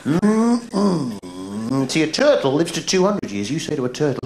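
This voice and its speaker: An English man doing live stand-up comedy, reeling off absurd non sequiturs in a bouncy, sing-song way, with a quizzical "hmm?" between jokes and sudden high shouts. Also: very animated, moderate pace, gravelly. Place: large theatre stage. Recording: roomy theatre sound from an old video tape, with noise. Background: audience laughter.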